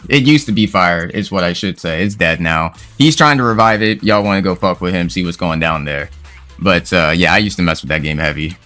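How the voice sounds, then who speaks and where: A man's voice: low-pitched, fairly quick, bright, forceful tone, soft background music. A man casually recounting an online game argument in a laid-back, slangy way, calling the listener "bro.". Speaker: gaming video creator. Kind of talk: casual storytelling commentary.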